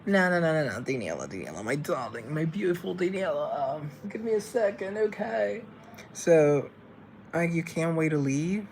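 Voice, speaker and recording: A man's voice: a little high, expressive, normal speed, gravelly, slight background noise. A man from Colombia chatting casually on a live stream, answering viewers' comments in a chatty, theatrical way.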